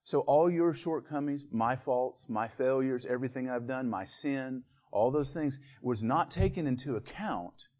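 A man preaching a sermon, building to loud, emphatic peaks and then dropping back to quiet verse-by-verse teaching. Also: mid-range voice. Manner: walks the congregation through scripture verse by verse.

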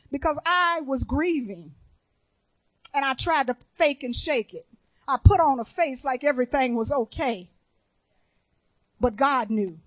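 High-voiced woman minister preaching slowly. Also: dry recording, low-quality recording. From Chicago. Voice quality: earnest, testifying, builds from hushed to emphatic. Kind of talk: sermon.

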